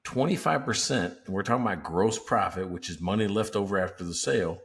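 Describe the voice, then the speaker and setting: A man with a fairly low voice co-hosting a casual business podcast. He talks emphatically and lays out examples step by step, like someone used to running seminars. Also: fairly quick, gravelly. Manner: emphatic, teaching with worked examples. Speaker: podcast co-host.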